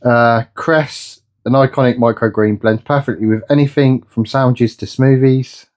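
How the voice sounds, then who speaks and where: A man's voice: medium pitch, steady tone, normal speed. A man chatting casually in a home vlog, rambling and tripping over words. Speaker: vlogger. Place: indoors at home.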